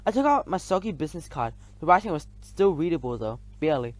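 A man's voice: fairly high pitch, expressive, quick pace, hardly any pauses, dry recording. A man reading a first-person children's story aloud, now and then stumbling and restarting words. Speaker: audiobook reader.

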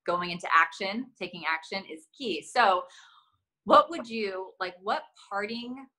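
Bright enthusiastic woman podcast host. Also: medium pitch, measured pace, rough recording. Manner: enthusiastic, asks long rambling questions. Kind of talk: casual interview chat.

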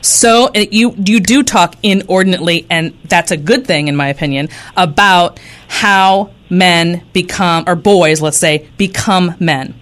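A woman hosts a radio talk show, earnest and a little halting as she frames her questions. Her voice sits somewhat low. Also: a bit bright. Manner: hesitant, many ums and restarts, earnest. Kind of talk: radio interview.

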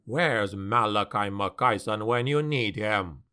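A man voicing a gruff, grim male dwarf warrior who speaks curtly and scornfully, for an audiobook. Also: on the low side, expressive, takes it slowly, bright, forceful tone, pitched below the performer's own voice, heavily acted. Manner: growling, curt, scornful.

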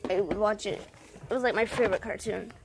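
A woman making a casual video rambles and jokes in a scattered, silly way, talking fast in a mid-range voice. She has headphones on and yells at times, and a noisy hiss sits behind her voice.

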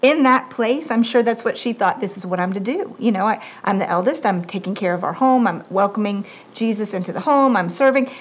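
A woman co-leading a conversational sermon, affirming and quick to agree with her partner. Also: mid-range voice, a little hiss or hum.

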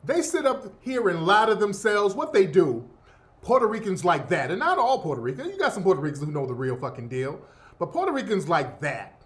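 A man hosting a radio show, mocking and ranting sarcastically, profane and cutting. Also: sits high. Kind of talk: commentary on a played clip.

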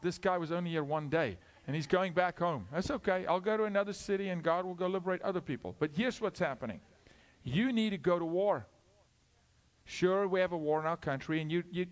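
A middle-aged male guest preacher with a fairly high voice that leaps up and drops low all the time. He preaches with drama, firing questions at the crowd and acting out little scenes. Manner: dramatic, swinging from loud calls to hushed asides; asks questions, acts out dialogue. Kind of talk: sermon.

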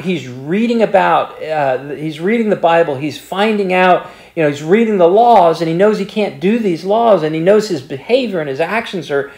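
A man leading a Bible study and retelling a story in an earnest, halting way, often repeating words as he restarts his sentences. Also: high voice, a little mellow, echoey room. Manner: earnest, slows down for emphasis.

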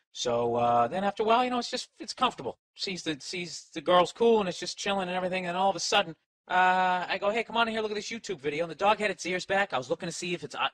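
With a fairly high, fairly bright voice and no echo in the recording, this middle-aged Boston-accented man hosts a podcast. He rambles through a comic monologue full of profanity and sarcasm, even addressing his dog.

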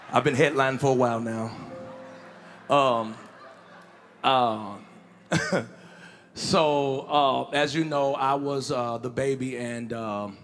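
A man giving a playful, joking tribute to his mother at a memorial service. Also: mid-range voice. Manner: playful and teasing.

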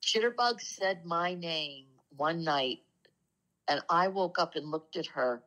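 On a low-quality recording, a low-voiced woman who co-hosts a spiritual talk show tells stories earnestly and conversationally. When the emotion rises, she slows down and speaks softly.

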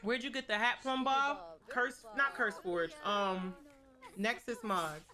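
A woman's voice: on the high side, slow pace, pushed and bright. A young woman streaming a life-sim game, joking with her chat in a playful, slangy, casual way. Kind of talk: casual gameplay commentary.

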